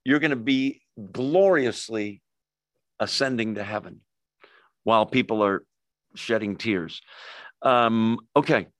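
A man preaching a sermon in a conversational way, joking and speaking straight to his congregation, swinging between emphatic and hushed lines. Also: on the low side, slow, long pauses, no room sound. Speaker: pastor.

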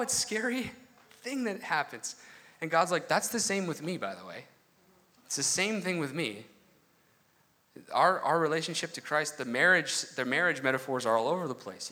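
Animated, bright-voiced male preacher. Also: sits high. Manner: animated, conversational preaching with frequent asides. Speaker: pastor. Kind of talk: sermon.

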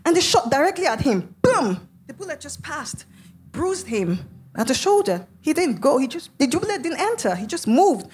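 A woman's voice: sits high, big pitch swings, moderate pace, a little mellow, a little hiss or hum. A woman preacher telling her testimony in a sermon, dramatic and vivid, with sudden emphatic bursts. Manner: speaks in tongues.

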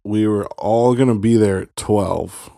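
A man's voice: fairly low pitch, measured pace, creaky, mellow, no echo, clean studio sound. A man co-hosting a podcast, talking in a tired, laid-back, casual way. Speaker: podcast co-host. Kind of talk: casual chat.

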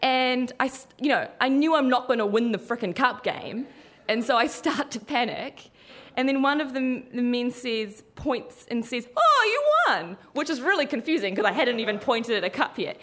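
A young adult woman telling a story, lively and often laughing as she talks. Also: on the high side, normal speed. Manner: animated, laughing through the telling. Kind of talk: live storytelling.

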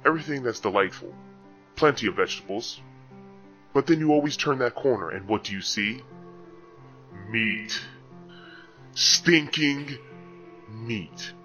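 A smooth, low-pitched male announcer, as a man puts him on for a spoof grocery commercial, stretching his words in a slow sales pitch. The sound is dull and lo-fi with music playing underneath. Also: fairly bright tone. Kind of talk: mock commercial voice-over.

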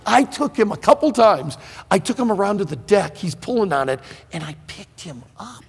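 A man from northern Michigan preaching with folksy, animated storytelling that bursts into shouts. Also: high voice, normal speed, gravelly, big-room sound. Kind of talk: storytelling sermon.

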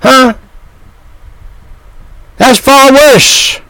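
Older man, preacher, high-pitched and gravelly, scolding sermon, dry close sound. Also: very slow, pushed and bright, dry recording, low-quality recording. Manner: scolding, repetitive, full of rhetorical questions.

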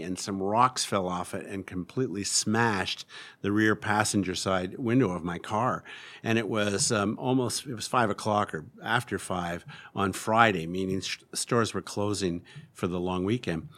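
A man, a company CEO, casually telling a personal anecdote with frequent fillers. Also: fairly low pitch. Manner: relaxed storyteller with frequent "uh" fillers. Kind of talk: casual anecdote told to listeners.

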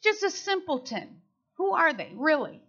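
High bright-voiced woman preaching. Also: unhurried. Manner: animated storytelling, acting out quoted voices. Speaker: speaker at church service. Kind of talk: sermon with personal stories. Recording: slightly dull lo-fi sound.

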